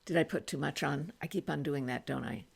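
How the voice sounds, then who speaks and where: Gravelly-voiced woman in her eighties. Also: low-pitched, brisk. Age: 80s. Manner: chatty, thinks aloud, many restarts while applying makeup. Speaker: beauty vlogger. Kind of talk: casual makeup try-on vlog. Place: small room at home.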